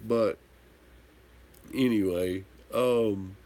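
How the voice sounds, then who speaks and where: A man with a lowish, dark voice talks very slowly as he hosts a casual livestream, replying to viewer comments. Tipsy from drinking, he tells a rambling, candid story and swears without a second thought.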